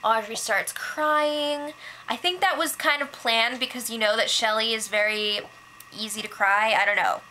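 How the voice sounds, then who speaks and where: A woman's voice: on the high side, fairly even intonation, sharp tone, a little hiss or hum, rough recording. A young woman hosting a casual recap vlog, chatty and gossipy, quoting others as she goes. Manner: chatty gossiping, quick quoted voices, fillers like "like". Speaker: show update host.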